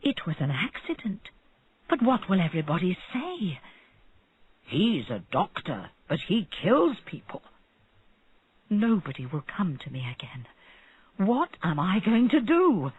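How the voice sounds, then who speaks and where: Narrator doing a worried doctor guy, hushed and husky, tinny audio. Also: medium pitch, huge pitch swings, unhurried, long pauses, no echo, full character voice. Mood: panicked. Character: panicked male doctor, fretful. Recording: narrow phone-like sound.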